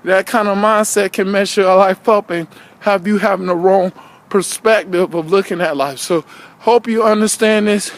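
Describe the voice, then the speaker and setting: A man's voice: sits high, steady tone, moderate pace. A man giving a casual, rambling preaching monologue to his viewers, full of rhetorical questions and "you know what I'm saying.".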